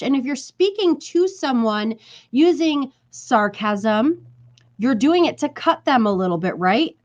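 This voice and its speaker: A woman vlogging casually to her viewers, her voice sitting a little high. She is chatty and emphatic, repeats her points for effect and laughs between them. The recording is somewhat dull and lo-fi. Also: expressive, takes it slowly. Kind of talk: casual talk to camera.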